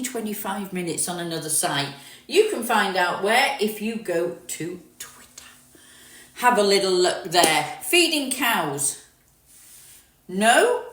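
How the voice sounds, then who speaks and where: A woman's voice: fairly high pitch, a bit bright, echoey room, recorded from a distance. A middle-aged woman from London with a southern English accent, partly mixed with northern, chatting casually on a livestream, reading out and answering viewer comments. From London, England. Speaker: livestream host. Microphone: phone.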